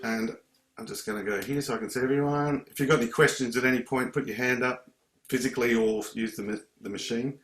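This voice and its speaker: A man's voice: medium pitch, steady tone, quick pace, fairly bright tone. Chatty man teaching ukulele. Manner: chatty, self-interrupting, counts strums aloud. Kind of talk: live online music lesson. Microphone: computer video call. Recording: echoey room on a video call. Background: ukulele strumming.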